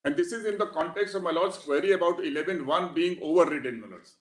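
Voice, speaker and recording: Male advocate, slightly high voice, deferential courtroom pleading, echoey court audio. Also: quick pace. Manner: deferential, keeps addressing the judge as "my lord". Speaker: advocate arguing before the bench. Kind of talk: courtroom argument. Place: large courtroom.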